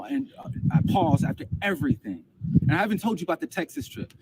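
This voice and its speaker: A man's voice: a little high, very animated, fast talker. A man telling a personal story in casual vlog style, rambling and emotional, often repeating words and restarting. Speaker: vlogger recounting a personal experience. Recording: distant mic with loud background noise.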